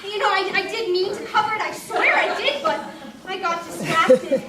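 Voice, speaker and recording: A woman's voice: extremely high pitch, normal speed, crowd noise. A woman playing a chatty, dreamy orphan girl on stage, rambling breathlessly and stumbling over her words. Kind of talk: stage musical acting. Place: theater stage, heard from the audience. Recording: echoey stage recording from far off, audience and noise.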